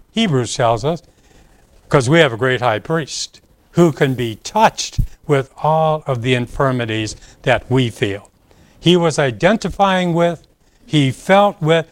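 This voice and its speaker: A man preaching a sermon, reading scripture and explaining it with slow, emphatic rises in his voice. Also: medium pitch, no echo.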